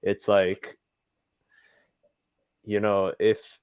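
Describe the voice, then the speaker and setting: A man's voice: lowish voice, little pitch movement, very slow, smooth, dry recording, highs cut off. A man as a guest in a casual chat, rambling with many fillers. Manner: rambling, heavy fillers like "you know".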